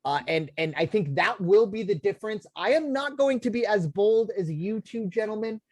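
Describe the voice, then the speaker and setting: An American man co-hosts a sports podcast, rambling loosely with lots of "um," fillers and restarts. His voice sits high and is animated, at normal speed, captured dry on a close mic.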